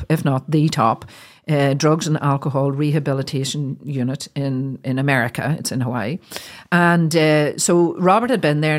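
A middle-aged Irish woman from Ireland, a guest telling a personal story in an interview, halting with many fillers and restarts. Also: low voice.

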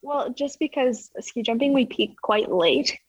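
A woman talking casually as an interview guest, full of fillers like "like" and acting out her own quotes in a higher voice. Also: animated, measured pace, husky, dry recording, low-quality recording. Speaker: guest athlete.

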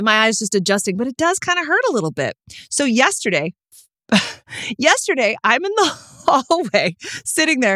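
A woman co-hosting a podcast, telling a story in casual chat, animated and swearing freely. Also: no room sound, studio quality. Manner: animated, swearing, big pitch jumps when excited. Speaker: podcast co-host.

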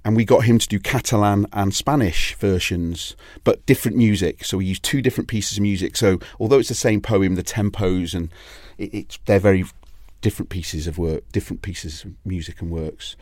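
A deep, slightly mellow male voice comes across a little fast, with hardly any pauses, in studio-quality audio without room sound. The speaker, a DJ and label owner from Wales, rambles through anecdotes in a casual interview, often starting over.

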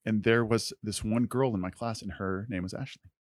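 A man's voice: lowish voice, fairly even intonation, moderate pace, dry recording, clean studio sound. A man co-hosting a podcast, telling a personal story in an earnest, conversational way with lots of filler words. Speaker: podcast co-host.

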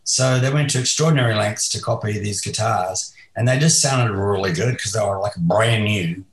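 Low-voiced man in an echoey room. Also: moderate pace. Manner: rambling, hesitant, lots of fillers. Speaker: guest musician. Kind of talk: casual interview chat. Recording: roomy echo.

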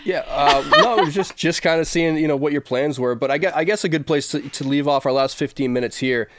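A man hosting a podcast interview, asking questions in a halting way with many fillers. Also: fairly high pitch, heavy background noise. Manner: halting questions full of "you know".

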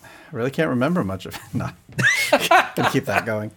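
A man's voice: mid-range voice, lively intonation, brisk, heavy background noise. A man co-hosting a podcast in casual chat, dry and laid-back. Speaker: podcast co-host.

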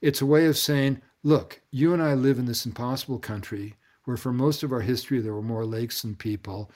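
Guy talking as an interview guest, long eloquent sentences, voice drops soft at the end of each thought, mid-pitched. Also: fairly quick. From Canada. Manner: eloquent, sweeping, trails off softly at phrase ends. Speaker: guest anthropologist. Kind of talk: reflective storytelling in an interview.

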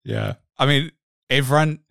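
A man hosts a relaxed interview, agreeable and quick to nod along with short replies. His voice is smooth and clear, recorded dry and close. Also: fairly high pitch, dry recording. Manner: easygoing, agreeable, many short yeahs. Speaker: host. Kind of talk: casual interview chat.

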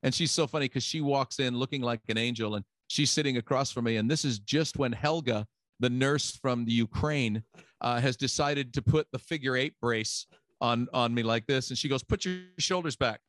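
Man, middle-aged, animated storyteller, dry recording. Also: mid-range voice, moderate pace, no echo. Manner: animated, acts out quotes with laughs. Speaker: guest. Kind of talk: casual storytelling.

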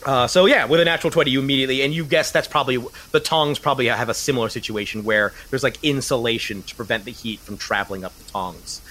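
A man's voice: mid-range voice, bright, forceful tone. Rambling man narrating a tabletop game. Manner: rambling, frequent fillers. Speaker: game master.

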